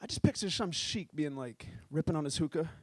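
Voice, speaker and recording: A man performing stand-up comedy, telling stories in an animated, profane way. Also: on the high side, brisk, husky, dry recording.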